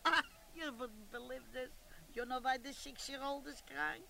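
A woman's voice: high-pitched, normal speed, gravelly, very noisy. A woman in a comic character monologue who chats and bosses people around in broken English. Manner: chatty, bossy, broken-English phrasing. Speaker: comedian playing a club meeting chair.

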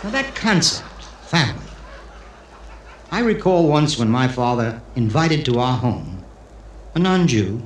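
Lively joke-telling man in an echoey room. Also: mid-range voice, measured pace, long pauses. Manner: storytelling with Yiddish phrasing and lively character voices. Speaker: comedian telling jokes. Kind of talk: stand-up joke telling to a live audience. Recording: echoey room with faint noise.

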